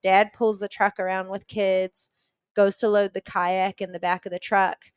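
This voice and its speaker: Smooth-voiced woman telling a tense story. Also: mid-range voice, level tone, a little slow, dry recording. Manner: vivid retelling, frequent "like" fillers. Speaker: podcast guest. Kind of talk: conversational storytelling.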